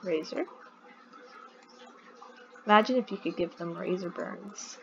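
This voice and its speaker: A woman drawls through a game at an unhurried pace, laughing at her own mistakes and bantering with the characters on screen. Her voice comes through slightly muffled, with a faint hiss underneath. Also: on the low side, vocal fry. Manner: giggly, chatty, talks to the game characters. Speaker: let's play gamer. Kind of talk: casual gameplay commentary.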